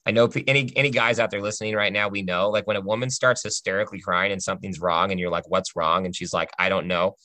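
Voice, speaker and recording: Man, low-pitched but bright and forceful, earnest testimony storyteller, dry close mic. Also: fast, hardly any pauses, no room sound. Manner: earnest, conversational, often adds "right?".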